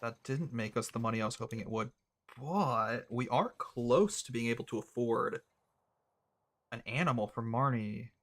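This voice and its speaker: A young man casually commentating his own gameplay, thinking out loud with a wry, chatty manner. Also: mid-range voice, moderate pace. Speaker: gaming streamer. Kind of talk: casual let's-play commentary.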